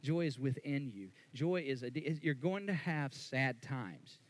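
Male pastor, casual sermon delivery, mid-pitched voice, stumbles and restarts, builds in volume on key points. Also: animated, measured pace, dry recording. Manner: conversational, rises louder and higher when worked up; repeats words and restarts often.

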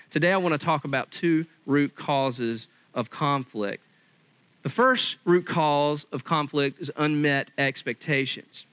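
A man's voice: on the high side, a bit bright, no echo. A man preaching a sermon in a conversational way, sometimes acting out quoted voices. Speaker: pastor.

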